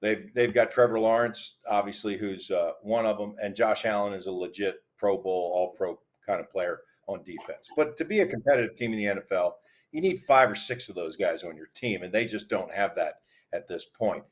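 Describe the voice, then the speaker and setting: A man's voice: lowish voice, moderate pace. Man telling sports stories. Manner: storytelling, conversational. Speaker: sports panelist. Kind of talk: casual sports talk.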